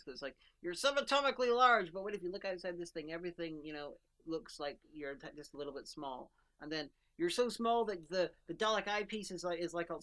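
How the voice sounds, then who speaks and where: A woman's voice: fairly low pitch, a bit bright. A woman co-hosting a casual podcast who argues her points in a rambling, nitpicking way. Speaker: podcast co-host. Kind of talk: casual chat.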